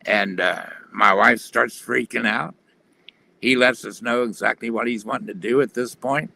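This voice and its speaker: A man's voice: medium pitch, normal speed, pushed and bright. A man telling his personal testimony in an earnest, plain-spoken way on a video call. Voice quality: gravelly.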